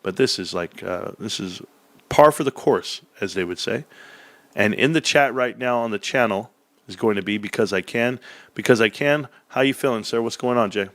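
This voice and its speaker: A man with a lowish voice hosts a casual stock livestream. He talks loosely and chattily, and his voice climbs high and gets loud when he stresses the numbers. The sound is dry and close, with no room in it. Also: normal speed, no room sound. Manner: excitable, rises to loud pitched emphasis on numbers. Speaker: stock show host.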